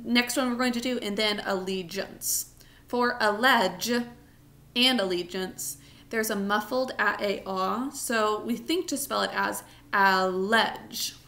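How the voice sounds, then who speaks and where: A woman teaching a recorded spelling lesson, sounding out words slowly, syllable by syllable, for students at home. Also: mid-range voice, fairly bright tone.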